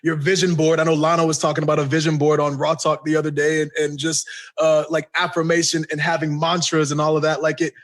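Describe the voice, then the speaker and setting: A man's voice: a little high, monotone, fast. A man co-hosting a casual podcast chat, teasing his guest and laughing easily. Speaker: podcast co-host.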